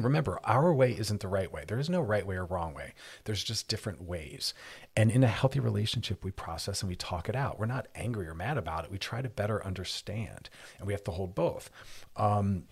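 Husky-voiced male radio advice host. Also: deep voice. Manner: reflective, explains through personal stories. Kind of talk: conversational relationship advice.

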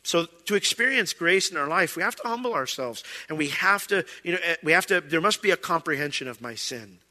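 Male pastor, conversational sermon, somewhat high, very bright forceful tone. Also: lively intonation, a little fast, big-room sound. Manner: conversational, acts out quoted voices.

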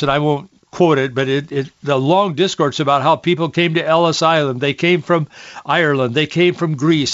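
Male talk radio host, folksy commentator who restarts a lot, slightly high voice, dry dull studio sound. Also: fairly bright tone, dry recording. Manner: folksy, restarts often, reads quotes aloud with rising heat.

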